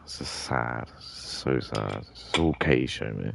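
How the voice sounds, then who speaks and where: A man's voice: extremely low pitch, a little slow, vocal fry, fairly bright tone, dry recording. A man chatting crudely and rambling while he builds models at home. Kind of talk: casual chat while crafting. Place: at home, sitting on a carpet.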